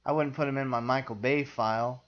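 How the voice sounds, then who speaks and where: A man's voice: medium pitch, steady tone, fairly quick, dull audio. A man co-hosting a casual film discussion podcast, wry, opinionated and teasing. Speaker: podcast co-host.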